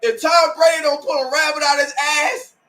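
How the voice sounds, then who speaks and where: A woman hosting a live game watch-along, loudly and exasperatedly ranting at the referees. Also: sits high, fairly even intonation, normal speed.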